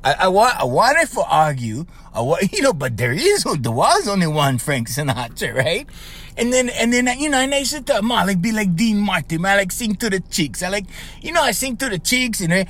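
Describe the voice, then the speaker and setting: A man's voice: sits high, very animated, brisk, fairly bright tone. A middle-aged man with a Hawaiian Pidgin-tinged accent, rambling casually as a life coach podcast host and tagging lines with "right?". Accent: Hawaiian Pidgin-tinged English. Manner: rambling, conversational, frequent "right?" tags; laughs often while telling stories. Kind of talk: casual monologue.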